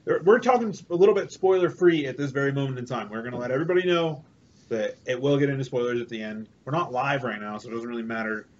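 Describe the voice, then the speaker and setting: A man's voice: medium pitch, fast. A man hosting a casual podcast, loose and profane, restarting his sentences often. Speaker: podcast host. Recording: dull lo-fi recording with faint hiss.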